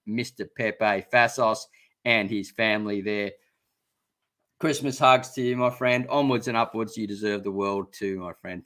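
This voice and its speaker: A man's voice: mid-range voice, fairly bright tone. A middle-aged Australian man hosting a casual live stream, chatty and rambling, laughing often. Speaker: gardening channel host.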